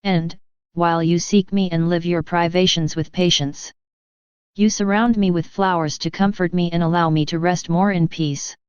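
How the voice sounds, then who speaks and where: A woman voicing a gentle, consoling male divine speaker in a calm, tender, instructive way. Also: on the low side, moderate pace, clean tone, no echo, dull audio, close to an everyday voice.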